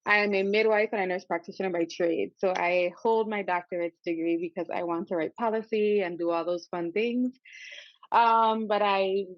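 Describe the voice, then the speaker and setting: Bubbly woman, dull audio. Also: medium pitch. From U.S. Virgin Islands. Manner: bubbly, excitable, quick. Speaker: guest midwife. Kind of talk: casual podcast chat.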